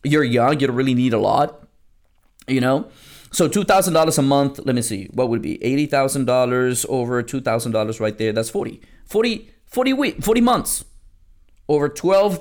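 Blunt guy doing a motivational podcast, gravelly, big swings in pitch, hammers points by repeating them. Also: animated, moderate pace. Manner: emphatic, repeats lines for punch; blunt, casual, swears now and then. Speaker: network marketing coach and podcast host.

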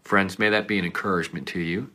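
A male pastor preaching a sermon earnestly, swinging between loud pleading passages and hushed whispers. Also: low-pitched, steady tone, fast.

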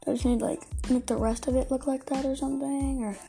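Young woman, high voice, giggly, excitable, teasing, casual vlog, faint music behind. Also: a little fast, vocal fry. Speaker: vlogger.

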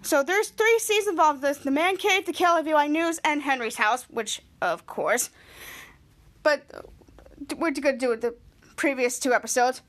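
A woman hosting a podcast, recapping a TV episode in a rambling, repetitive way and loudly acting out the quotes. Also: high voice, moderate pace. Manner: rambling, repeats herself, acts out quotes loudly. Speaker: podcast host.

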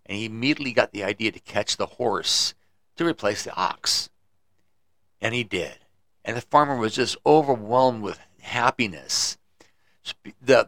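A man hosts a podcast, narrating a story and then reflecting on it. He speaks earnestly and thoughtfully, at a middling pitch, and sometimes restarts a phrase. The recording is dry and close. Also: gravelly, a bit bright, dry recording. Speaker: podcast host.

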